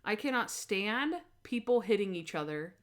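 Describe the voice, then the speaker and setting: A young woman co-hosting a podcast in casual chat, animated and acting out scenes in quoted voices. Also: medium pitch, normal speed. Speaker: podcast co-host.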